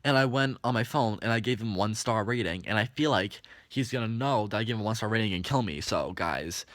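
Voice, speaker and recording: A young man vlogging a storytime, animated and full of swearing and "like" fillers. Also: lowish voice, fairly quick, dry recording. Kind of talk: storytime vlog.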